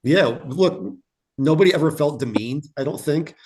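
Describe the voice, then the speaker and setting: A man's voice: fairly high pitch, animated, moderate pace, darkish tone, a little hiss or hum. A man in his forties, a podcast guest and former player, talking in an easygoing, reflective way. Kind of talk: casual podcast chat.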